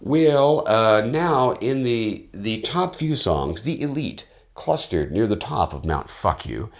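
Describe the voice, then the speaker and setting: A man's voice: on the low side, sing-song, slow pace, reverberant. A man narrating a voice-over for his metal channel with wry, self-deprecating, profane humor. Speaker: channel host.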